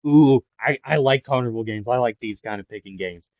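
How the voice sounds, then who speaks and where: A man's voice: mid-range voice, a little fast, a little mellow, no echo, lightly acted. A man voicing an earnest, awkward young male hero who speaks politely and hesitantly, on a dull, dry recording.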